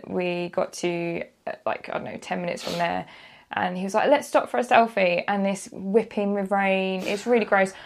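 A woman, a freelance motoring journalist, telling a personal story in a casual podcast chat, animated and quick to act out what people said. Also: fairly low pitch, gravelly. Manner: animated storyteller, acts out quotes, laughs often.

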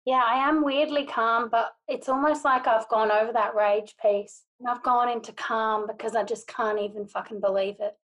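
Exasperated woman, higher voice. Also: fairly even intonation, normal speed, hardly any pauses, a bit bright. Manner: exasperated, laughing easily. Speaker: podcast co-host. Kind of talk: casual podcast chat.

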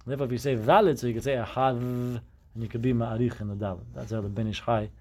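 A man's voice: mid-range voice, steady tone, fast talker, a little mellow. A man teaching a Talmud class, explaining step by step and mixing Hebrew terms into his English.

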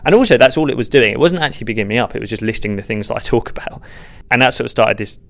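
A man's voice: mid-range voice, racing, creaky. A young man, a stand-up comedian, answering interview questions in a rambling, self-deprecating way with many restarts. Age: young adult. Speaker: stand-up comedian, podcast guest. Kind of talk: earnest conversational interview.

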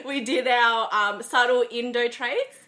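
A woman's voice: fairly high pitch, fairly even intonation, unhurried, bright, forceful tone. A young Australian woman hosting a casual podcast chat, often giggling as she talks. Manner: giggly, breaks into fits of laughter. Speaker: podcast host.

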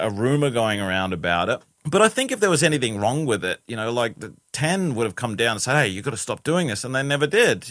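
A man talks loosely as a guest, circling back with restarts and "you know" fillers. His voice sits at an ordinary middle pitch. The recording is close and dry, with no room sound. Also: fairly bright tone, dry recording. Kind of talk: casual interview chat.

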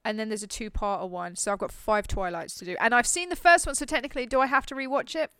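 Woman podcast host, smooth higher voice, chatty and jokey, dry sound. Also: quick pace, fairly bright tone, dry recording. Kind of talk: casual chat.

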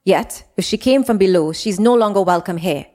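A woman voicing a calm man of authority who asks measured, pointed questions in an audiobook. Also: medium pitch, big-room sound, natural voice. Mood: probing.

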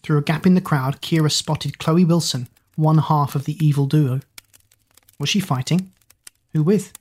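Storyteller reading a kids' novel aloud, calm and measured. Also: medium pitch, husky. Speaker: narrator. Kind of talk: storybook narration.

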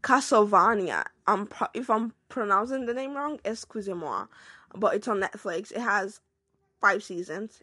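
A woman's voice: mid-range voice, moderate pace, pushed and bright, slightly rough, no echo, studio quality. A young woman hosting her own podcast, ranting in a casual, slangy, exclamatory way. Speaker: podcast host. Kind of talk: casual solo rant.

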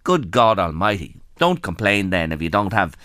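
An Irish man hosting a radio show, chatting in an animated, joking way with quick asides. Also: deep voice, no echo. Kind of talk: casual radio chat. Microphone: studio microphone.

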